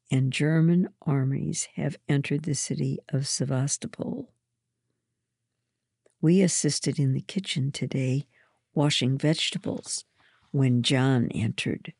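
A woman reads a first-person storybook in a low, husky voice with a gravelly edge. She takes her time, calm and measured. The sound is dark and dry, close to the mic. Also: no echo.

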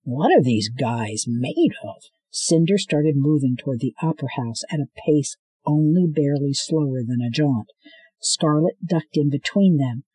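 Man, audiobook narration, steady storytelling, husky voice, slightly high pitch. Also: no room sound, poor audio. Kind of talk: scripted narration.

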